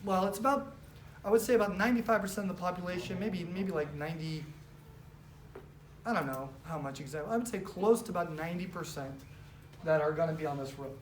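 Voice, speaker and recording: Animated woman speaking in a roomy hall. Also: lowish voice, fast talker. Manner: animated, casual, with frequent fillers. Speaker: speaker at a business training. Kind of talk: motivational storytelling talk. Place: event room with a live audience. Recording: roomy, distant mic, faint background noise.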